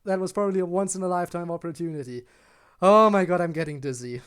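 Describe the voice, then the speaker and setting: Speaking quickly in a smooth, fairly bright, medium-pitched voice, a game streamer chats with viewers late at night. The talk is casual and self-conscious, full of giggles, and the streamer sounds tired while gaming.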